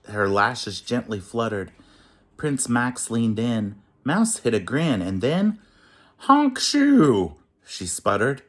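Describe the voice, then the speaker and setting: A man reading a rhyming children's picture book aloud in an expressive, sing-song way. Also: on the low side.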